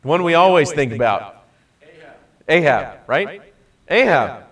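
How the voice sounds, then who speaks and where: A man's voice: a little high, big pitch swings, a little slow, fairly bright tone, recorded from a distance. A man teaching a Bible study class in a casual, conversational way, often checking in with "right?" and asking his students questions.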